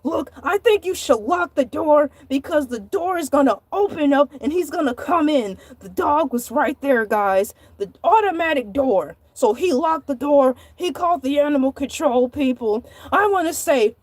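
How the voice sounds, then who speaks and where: A woman voicing an excitable male shark who tells a comic story in a dramatic, exasperated way and sometimes bursts into shouting. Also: high-pitched, moderate pace, few pauses, no echo. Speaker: show host.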